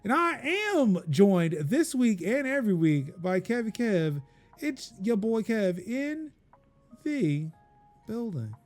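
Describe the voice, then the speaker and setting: A man's voice: high voice, sing-song, slow, soft background music. A man hosting a tech podcast in casual chat, jokey and self-deprecating. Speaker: podcast host.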